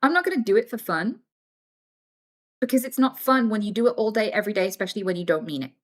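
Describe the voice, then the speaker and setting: Animated British woman, swearing freely. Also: medium pitch, fast talker. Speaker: livestreamer. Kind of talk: casual livestream chat.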